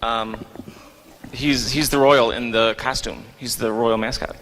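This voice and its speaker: A man's voice: mid-range voice, steady tone, unhurried, fairly bright tone, slight background noise. A man, a theater director, giving a casual award speech, joking and hesitant with many ums, recorded in a school auditorium. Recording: long reverb of a large hall.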